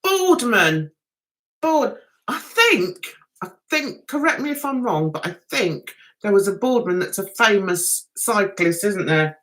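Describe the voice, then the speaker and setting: A woman's voice: medium pitch, very animated, unhurried, a bit bright. A woman hosting a casual livestream, chatting to her viewers in a rambling, giggly way.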